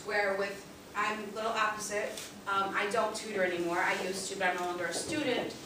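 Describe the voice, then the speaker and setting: A woman's voice: medium pitch, steady tone, a little fast. Female co-presenter, chatty SI leader; distant, very echoey room with noticeable noise. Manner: conversational, uses "you know" and "um" often. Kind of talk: workshop presentation.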